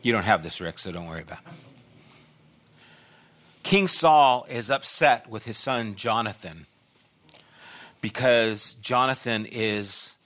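Older guy preaching, bright forceful voice, goes big then drops real quiet. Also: on the low side. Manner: storytelling preacher, swings from loud bursts to quiet asides. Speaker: pastor. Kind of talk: sermon.

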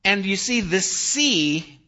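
A middle-aged man preaching a conversational sermon as a pastor, swinging from loud emphasis to hushed asides. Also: high voice, lively intonation, slow, dull audio.

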